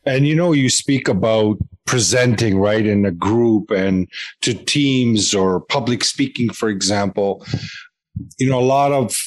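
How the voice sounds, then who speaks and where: A man's voice: lowish voice, a little slow. A man hosting an interview, asking questions in a loose, rambling and friendly way. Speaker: interview host. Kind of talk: interview conversation.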